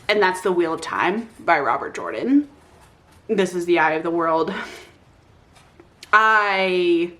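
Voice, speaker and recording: A young woman booktuber talking casually and excitedly about her favorite books, gushing and swearing freely. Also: medium pitch. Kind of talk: casual chat.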